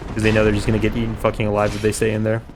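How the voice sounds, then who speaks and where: Flat-voiced male game streamer. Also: fairly low pitch, rapid-fire, background noise. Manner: rambling, chatty, swears casually. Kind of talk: casual gameplay commentary.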